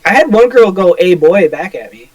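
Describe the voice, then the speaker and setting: Young man, playful co-host spinning stories, somewhat high voice. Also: animated, a little fast, dry recording, low-quality recording. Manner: joking storyteller, playful. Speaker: podcast co-host. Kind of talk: casual chat.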